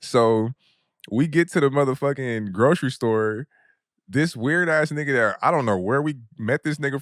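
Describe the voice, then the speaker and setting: A young adult man hosting a podcast, telling a story in a casual, animated way. He laughs often mid-story and uses a lot of slang and profanity. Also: medium pitch, no room sound, clean studio sound. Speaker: podcast host.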